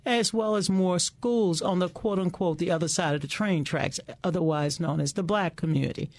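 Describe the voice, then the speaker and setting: Animated woman telling stories. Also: lowish voice, normal speed. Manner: animated, repeats words when starting sentences. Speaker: guest. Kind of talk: casual interview storytelling.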